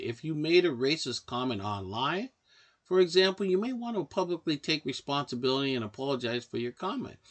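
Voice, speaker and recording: A man in a middle pitch talks the listener through practical steps, one after another. His delivery is calm and measured, with the even pacing of an instructional voice-over. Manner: calm, measured, advising directly. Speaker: narrator of a self-help guide. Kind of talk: instructional narration.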